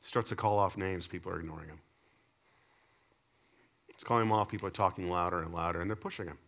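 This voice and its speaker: A man with a somewhat low voice delivers a sermon, weaving stories into his message. He jumps between loud emphatic lines and low, quiet asides, keeping the telling lively. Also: quick pace. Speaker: pastor. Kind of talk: sermon with storytelling.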